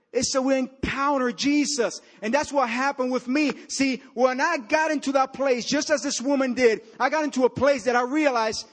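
A man with a high voice delivers a sermon as a storytelling preacher. He moves between loud, emphatic bursts and low, hushed stretches. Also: moderate pace. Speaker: pastor.

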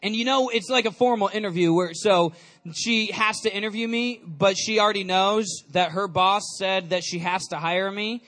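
A man giving an energetic storytelling sermon to a live audience, chatty and calling out questions to the crowd. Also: high-pitched, moderate pace. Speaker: youth speaker.

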